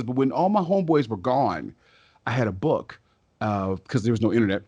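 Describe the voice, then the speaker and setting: A man, a stage and voice actor, telling stories as a podcast guest in an excitable, talkative way. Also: medium pitch. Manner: talkative and excitable, quick bursts and restarts. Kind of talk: casual podcast interview storytelling.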